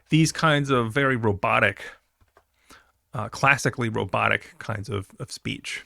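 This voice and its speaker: A man's voice: medium pitch, unhurried, vocal fry, bright, forceful tone, no echo, clean studio sound. A man teaching a class in a recorded lecture, talking conversationally with fillers and asides.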